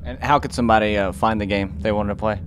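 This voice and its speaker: A man's voice: fairly low pitch, fairly even intonation, fast, noisy background. A man interviewing a band for a metal radio show, asking short, direct questions.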